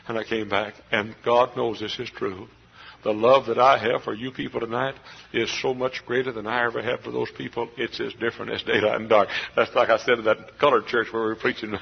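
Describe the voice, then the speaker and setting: A middle-aged man preaching a sermon as a pastor, swinging from hushed confiding to shouted outbursts. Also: medium pitch, vocal fry, husky, poor audio. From Texas. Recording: live church service recording.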